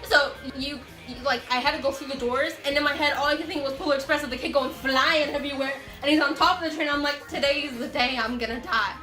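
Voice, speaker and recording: A young woman telling a storytime vlog in an animated, excitable, self-mocking way. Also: sits high, fast talker, few pauses, reverberant, faint music behind. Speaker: vlogger.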